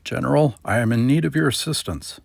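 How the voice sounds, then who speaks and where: A man playing a calm, logical male alien officer, speaking in a measured, formal way. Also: mid-range voice, creaky, no room sound, clean studio sound.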